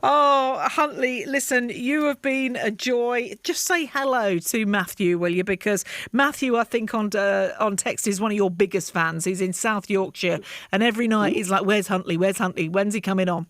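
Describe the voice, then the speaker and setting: A woman's voice: medium pitch, normal speed, a bit bright, dry recording. Woman, radio host, affectionate chatty manner, dry close studio mic. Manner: affectionate, chatty, calls people darling. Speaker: radio presenter. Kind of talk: radio phone-in hosting.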